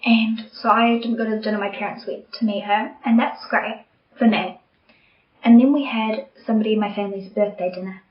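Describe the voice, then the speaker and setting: A young woman hosting a podcast, talking candidly and earnestly in a personal monologue, sometimes dropping to a near-whisper. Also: mid-range voice. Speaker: podcast host. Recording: roomy, slightly dull home recording.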